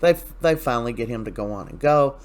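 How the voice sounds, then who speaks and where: Casual male recapper, mid-pitched, chatty and opinionated, loose scene retelling. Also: animated, fast. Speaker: soap opera recap host.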